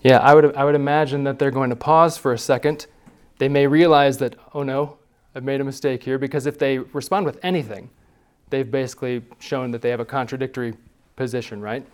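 A man leading a class, teaching in a relaxed, conversational way and putting questions to his students. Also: medium pitch, a little fast, hardly any pauses, clean tone.

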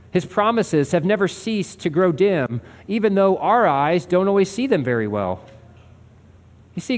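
A man's voice: high voice, big-room sound. A man preaching a sermon as a pastor, earnest and conversational, asking his listeners rhetorical questions.

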